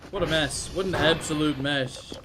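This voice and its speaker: A man's voice: fairly high pitch, moderate pace. Guy streaming a game, talking to chat, mumbles and mocks himself, noisy background hum. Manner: muttering, thinking aloud, self-mocking. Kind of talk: casual gameplay commentary to chat.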